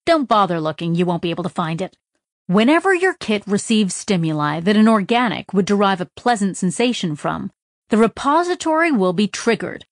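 A woman's voice: medium pitch, sing-song, brisk, no room sound, studio quality, close to an everyday voice. A woman reading a storybook aloud, voicing a cheery message hidden in a user manual, enthusiastic and salesy.

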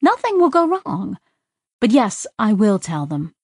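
A woman's voice: mid-range voice, wildly swooping pitch, a little slow, breathy edge, no room sound, studio quality, heavily acted. A woman voicing a gleeful, playful young female AI in an artificial body. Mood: reassuring.

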